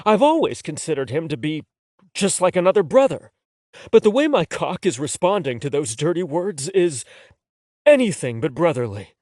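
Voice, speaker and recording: A man narrates a first-person romance with a wry, expressive read. His voice sits a bit high and moves a lot in pitch. The recording is dry and close to the mic. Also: moderate pace, no room sound. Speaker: audiobook narrator.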